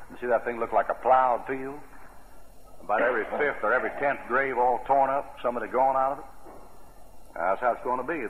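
A man preaching a sermon in a folksy, emphatic way. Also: lowish voice. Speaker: pastor. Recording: tinny, echoey old radio broadcast.

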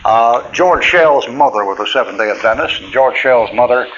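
A middle-aged preacher with a mid-range voice and lively intonation tells church stories at a moderate pace, folksy and plainspoken, chuckling often. The lo-fi tape sounds dull, with a faint hiss.

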